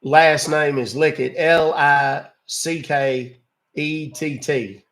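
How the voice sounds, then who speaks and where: A man's voice: fairly high pitch, steady tone, a bit bright. A man playing a folksy fumbling caller. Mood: polite. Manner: slow, rambling, fumbling with numbers. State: voice not fully recovered. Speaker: scam-baiting caller.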